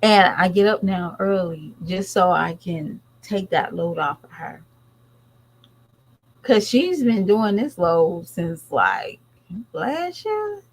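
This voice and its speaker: A woman with a lowish voice talks straight to her viewers in loose, rambling commentary. She is blunt and chatty, with plenty of asides. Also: animated, slow, husky, rough recording. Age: adult parent. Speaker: vlogger talking to viewers. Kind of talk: casual commentary chat.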